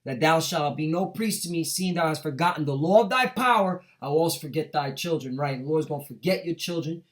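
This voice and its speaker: A middle-aged man delivers a fiery street sermon in a fairly high voice. He reads verses, then rants with profanity, tagging nearly every line with "all right?" or "man". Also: lively intonation, a little fast. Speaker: preacher. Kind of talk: street sermon reading scripture.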